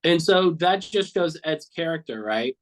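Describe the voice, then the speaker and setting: Earnest rambling man, a bit high. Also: animated, unhurried, low-quality recording. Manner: rambling, heartfelt, swears casually; earnest, repeats himself often. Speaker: cartoonist guest. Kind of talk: casual remembrance interview.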